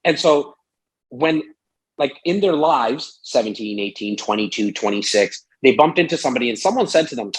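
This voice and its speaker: A man talking as a guest in a casual interview, rambling and animated, with lots of fillers and acted-out quotes. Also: mid-range voice, normal speed, slightly rough, poor audio. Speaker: real estate broker and sales strategist. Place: Toronto, Canada.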